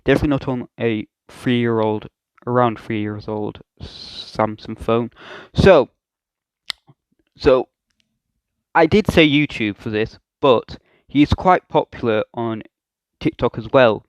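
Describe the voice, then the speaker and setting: A young man comments on clips in a self-mocking, halting way. His voice sits at a middle pitch, and the recording is dry and close. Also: smooth, no echo, poor audio. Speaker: YouTube reaction host. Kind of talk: reaction commentary.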